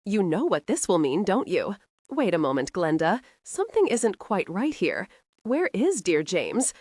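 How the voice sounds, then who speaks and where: A woman voicing a fussy middle-aged mother who scolds loudly, in an audiobook. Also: medium pitch, sing-song, measured pace, dry recording, studio quality. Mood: scolding.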